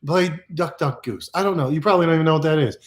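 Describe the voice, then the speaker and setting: A man giving a casual motivational monologue, rambling and playful, repeating phrases and sometimes dropping to a hush. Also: fairly high pitch, rapid-fire. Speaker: self-help speaker.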